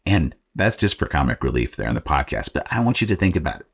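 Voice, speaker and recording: A man from Arizona with a very deep, low-pitched voice hosts a faith podcast. He talks conversationally, with frequent fillers and a self-deprecating humor. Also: sing-song, fast talker, vocal fry, breathy edge. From Arizona, United States. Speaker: podcast host. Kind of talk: motivational faith podcast talk.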